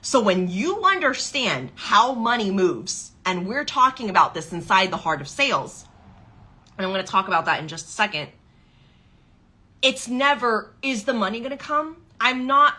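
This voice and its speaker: A woman's voice: mid-range voice, sing-song, moderate pace, bright, forceful tone. A woman giving a motivational coaching talk on sales and money, emphatic and fond of acting out inner doubts in quoted voices.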